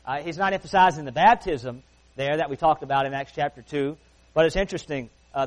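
An earnest male preacher with a voice on the higher side delivers a sermon at a church service. He leans hard into key words, then sinks into quiet, softer phrases, and drops in folksy asides along the way. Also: brisk, rough recording.

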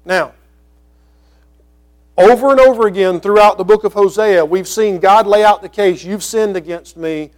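A high-voiced male pastor teaches scripture verse by verse. He reads the ancient text at a slow pace and explains it with quick, conversational asides.

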